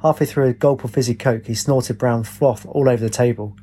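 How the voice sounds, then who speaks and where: A man narrating a story in a steady, plain audiobook reading. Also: medium pitch, a little fast, slightly rough.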